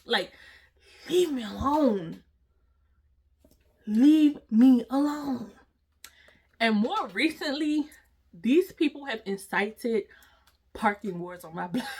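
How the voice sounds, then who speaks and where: A woman, dramatically telling a storytime vlog and talking straight to her viewers with slang. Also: mid-range voice. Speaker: storytime vlogger.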